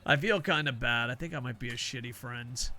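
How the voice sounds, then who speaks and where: A man's voice: mid-range voice, fairly quick, sharp tone. An older man, a semi-retired teacher, rambling casually and profanely while streaming a game, laughing often. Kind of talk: casual chat while gaming.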